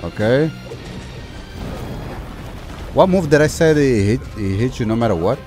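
A young man giving casual commentary over a video game he plays, chatty and quick to get annoyed. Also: medium pitch, animated, darkish tone, soft background music. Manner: chatty, easily frustrated, swears mildly. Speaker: gaming youtuber.

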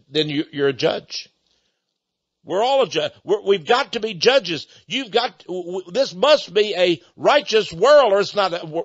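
A man delivers a folksy sermon, telling stories with chuckles along the way. His husky voice sits a bit high and swings widely in pitch. The recording is dull and dry. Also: dry recording. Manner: folksy, animated, chuckling storyteller. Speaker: preacher.

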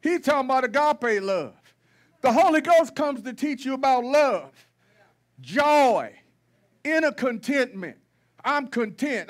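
A man preaching a sermon to his congregation in a church, folksy and blunt, driving points home with repetition and rising to shouts. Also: extremely high pitch. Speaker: pastor. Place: church sanctuary.

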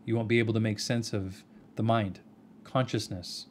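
A man giving an earnest, measured video response, addressing someone directly by name and pressing his points with rhetorical questions. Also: lowish voice, little pitch movement, a little hiss or hum. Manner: earnest, argumentative, addresses the other person by name. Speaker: video commentator.

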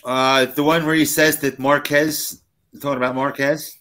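This man's mid-range voice is pushed and bright, with flat delivery at a moderate pace. Co-hosting a laid-back podcast, he rambles through stories, performing the lines of the people he quotes.

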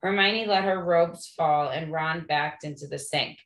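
A woman reading a novel aloud to listeners in a gentle, friendly way. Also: sits low, a little slow. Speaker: read-aloud host. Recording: echoey room.

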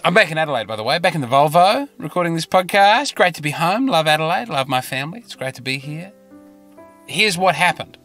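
A man's voice: on the high side, pushed and bright, dry recording. An Australian man telling a rambling comic story in a self-mocking, chatty way, recorded in his car. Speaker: comedian and podcast host. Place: parked car.

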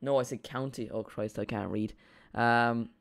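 A young man with an Irish accent, talking casually over a live football match. He rambles from one thought to the next and gets excitable when the play catches his eye. His pitch sits in an ordinary middle range. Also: unhurried, creaky. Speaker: streamer. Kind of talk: live football watch-along chat.

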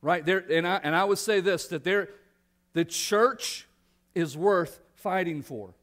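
A man's voice: sits high, unhurried, fairly bright tone. A male pastor giving a conversational sermon in church, earnest and often repeating words as he restarts. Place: church sanctuary.

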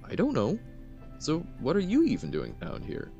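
A wry, sheepish young cat woman, as a man puts her on with a lifted, lively voice. She sounds dry and a little sardonic. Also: on the high side, moderate pace, gravelly, muffled recording, faint music behind, voice pushed up, heavily acted. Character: wry young female cat, college dropout.

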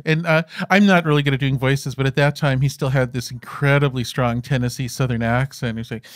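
A man in his fifties answers as a guest, his stories full of restarts, stumbles and fillers. His pitch sits in an average middle range. The recording is dry, with no room echo. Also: fairly even intonation, brisk. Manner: rambling, with many restarts and fillers. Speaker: interview guest. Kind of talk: conversational storytelling on stage.

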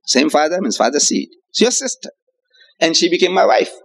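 Older South African man, public lecturer, animated delivery that swings into high acted quotes. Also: fairly quick, vocal fry. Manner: animated, acts out quoted voices with rising pitch. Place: hotel lecture hall with audience.

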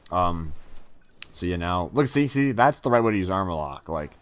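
A man giving casual, rambling game commentary, talking quickly and stumbling over his words. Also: low voice, animated, fairly bright tone, smooth. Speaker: gaming channel host.

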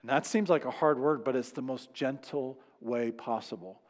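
A man's voice: medium pitch, moderate pace, in a large hall. A man preaching a sermon as pastor in a church, speaking conversationally and acting out quoted lines. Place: church sanctuary.

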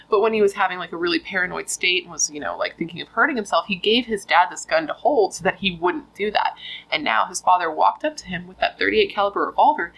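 Woman, young adult, true crime storyteller, casual chatty delivery, vocal fry. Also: fairly low pitch, fairly bright tone, low-quality recording. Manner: chatty, frequent "like" fillers.

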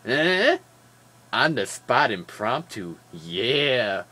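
A man rambles through his daily vlog, tired but jokey and animated. His voice sits at an ordinary middle pitch and is full of fillers and quick asides. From Wisconsin. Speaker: vlogger. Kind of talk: casual daily vlog chat.

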